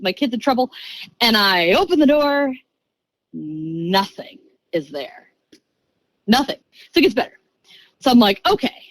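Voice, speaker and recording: A woman in her thirties, a podcast guest telling a story in a casual, chatty way, jumping into quick bursts and acting out the voices she quotes. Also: on the high side, no echo, low-quality recording. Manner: animated, acts out voices and quoted lines.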